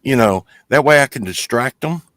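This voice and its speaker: A man's voice: mid-range voice, lively intonation, normal speed, fairly bright tone, no room sound. A man in casual chat, talking in a folksy, rambling way with many restarts and fillers. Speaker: guest, gas company worker.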